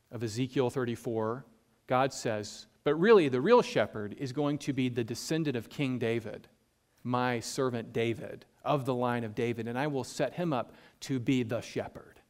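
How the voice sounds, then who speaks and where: A man preaching a sermon, reading scripture slowly and explaining it in a casual, conversational way with frequent fillers. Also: mid-range voice. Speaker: pastor.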